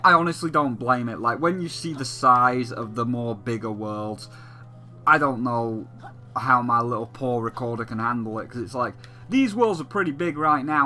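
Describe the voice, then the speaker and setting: A man's voice: medium pitch, sharp tone. A young man giving casual, rambling commentary while playing a video game. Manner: rambling and chatty, quick bursts. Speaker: let's play gamer. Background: faint game music.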